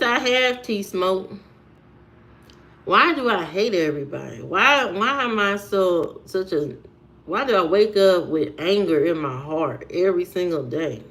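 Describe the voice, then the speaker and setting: A woman vlogger giving a blunt, preachy monologue and firing off rhetorical questions. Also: mid-range voice. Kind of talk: preachy straight-to-camera monologue.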